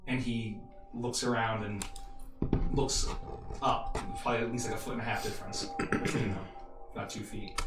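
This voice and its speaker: A man narrating a tabletop game as game master, halting and full of fillers. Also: lowish voice, level tone. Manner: halting, many fillers and restarts. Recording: roomy, distant mic, faint music.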